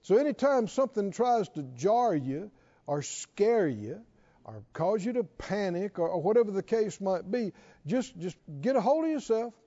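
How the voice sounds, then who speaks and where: A man's voice: high-pitched, big pitch swings, normal speed, warm tone, muffled recording. A man preaching a sermon to a responding congregation, repeating questions and building to emphatic calls.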